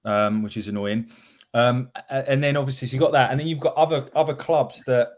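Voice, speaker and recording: A man co-hosting a live podcast, talking through his points in a measured, analytical way. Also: mid-range voice, steady tone. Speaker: podcast co-host. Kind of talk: casual live-stream chat.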